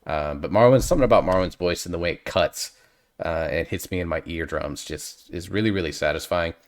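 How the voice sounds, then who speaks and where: A man's voice: sits low, a little fast. A man hosting a reaction video, chatting casually and analytically and drifting off on tangents.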